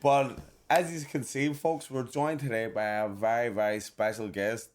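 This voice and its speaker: A man hosting a casual chat show, upbeat and quick to hype his guest. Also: medium pitch, fairly even intonation. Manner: upbeat, hyping. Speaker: host.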